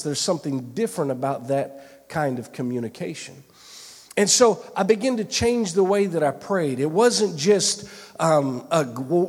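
A man's voice: on the high side, darkish tone. A man preaching a sermon, telling a personal story earnestly, with frequent restarts and repeated phrases. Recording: long hall reverb.

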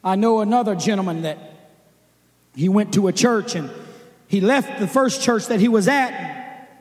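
A male preacher with a very high voice delivers an emphatic sermon. He stretches out some words and shouts others for emphasis, and the long reverb of a big church hall rings behind him.

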